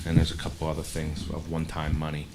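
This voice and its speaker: A man's voice: a bass voice, completely flat delivery, heavy background noise. A man who handles the district finances, explaining budget figures in a matter-of-fact way at a board meeting. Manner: matter-of-fact, quick runs of numbers. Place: school board room.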